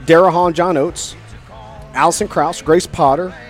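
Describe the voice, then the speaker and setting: A man hosting a casual radio podcast, talking with enthusiasm and warm affection for his co-hosts. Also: a little high, fairly even intonation, moderate pace, soft background music. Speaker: podcast host.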